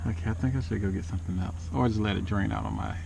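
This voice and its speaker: A man's voice: fairly low pitch, racing, vocal fry, noisy background. A man doing a casual home car repair vlog, exclaiming as he works and chatting to his cat, caught on a camera mic as he moves around. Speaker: DIY car vlogger. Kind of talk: casual talk while working.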